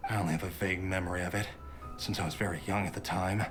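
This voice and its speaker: An actor playing a bitter, resentful son in a game who talks coldly and grudgingly. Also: male voice, deep voice, steady tone, fast, loud music behind the voice, close to an everyday voice. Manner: cold, grudging.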